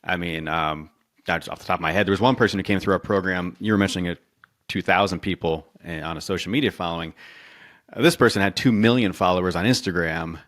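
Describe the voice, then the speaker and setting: A man with a fairly low voice talks as an interview guest, telling stories animatedly. He often restarts his sentences and acts out what other people say. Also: fairly bright tone. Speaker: marketing consultant guest. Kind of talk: casual interview storytelling.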